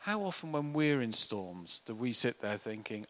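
A man preaching a sermon, animated and acting out the voices of people in the story. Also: medium pitch, normal speed, few pauses, low-quality recording. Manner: animated, acts out voices of the disciples.

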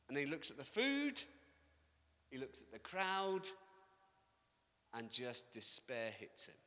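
A man preaching a sermon, telling the story with lively, acted-out voices for the characters. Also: mid-range voice, slow pace, pauses often. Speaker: pastor. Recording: long reverb of a large hall.

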